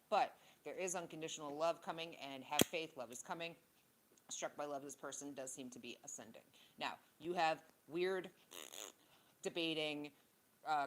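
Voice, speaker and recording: Low-voiced blunt woman reading tarot. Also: a little hiss or hum, low-quality recording. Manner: blunt, profane, rambling asides. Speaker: tarot reader. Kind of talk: casual tarot reading monologue.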